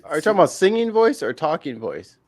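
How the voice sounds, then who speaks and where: A man in casual group chat on a podcast, excitable and talking over others with many restarts. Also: fairly high pitch, fast. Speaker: podcast co-host.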